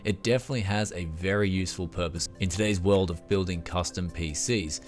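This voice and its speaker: A man with a very deep voice reads a sponsor spot in a plain, promotional way. Faint music runs underneath. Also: brisk. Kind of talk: sponsor read.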